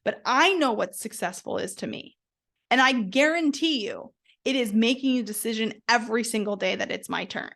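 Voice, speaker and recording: Woman host, somewhat high voice, blunt and emphatic, swears often, motivational solo podcast. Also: moderate pace, vocal fry, a bit bright.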